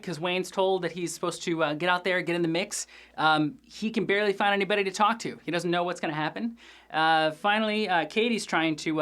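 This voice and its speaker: An energetic man chats through a TV episode recap as host, loose and excited. He swears freely and fills pauses with quick "uh"s, keeping a casual, talkative flow. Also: high-pitched. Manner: energetic, chatty, with swearing and many "uh"s. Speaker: show host reviewing an episode.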